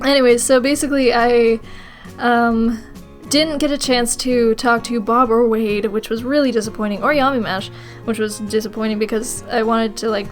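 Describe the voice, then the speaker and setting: A young woman telling a rambling, excitable story as a vlog voice-over, often breaking into giggles. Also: fairly high pitch. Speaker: vlogger.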